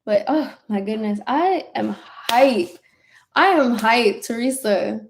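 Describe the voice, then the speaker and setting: A young woman hosting a spiritual livestream, gushing and excitable as she talks straight to viewers and chats about their comments. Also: vocal fry, slight background noise. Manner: quick bursts of high excited exclamations. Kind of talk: casual livestream chat reading comments.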